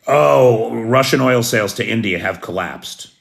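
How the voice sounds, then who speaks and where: A gravelly-voiced American man, middle-aged, who gives blunt, unscripted news commentary. He poses rhetorical questions and does not soften his opinions. His pitch sits in a typical male range. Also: animated, unhurried. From United States.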